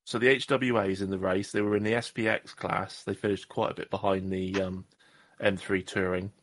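An English man from the Southwest hosts a loose podcast chat in a fairly low voice. He jokes and rambles, full of ums and restarts. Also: level tone, moderate pace, a bit bright. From Southwest England. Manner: jokey, rambling with fillers and restarts. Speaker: podcast host. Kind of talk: casual chat.

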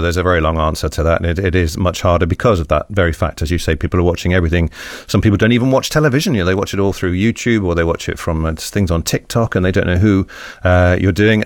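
Middle-aged male guest, low voice, quick rambling anecdotes, dry studio sound. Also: no echo. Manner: chatty, anecdotal, rambling with restarts. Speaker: radio guest, impressionist. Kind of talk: conversational radio interview.

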